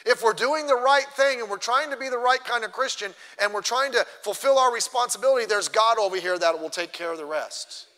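A man preaching a sermon as pastor, emphatic, swinging between loud and soft. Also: very high voice, a little fast, few pauses. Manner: emphatic preaching, rising and dropping in loudness. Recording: long hall reverb.

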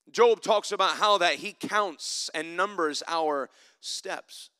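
A man preaching a sermon in church, climbing to loud emphatic passages and dropping to soft, reflective asides. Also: high voice, slow, clean tone. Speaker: pastor.

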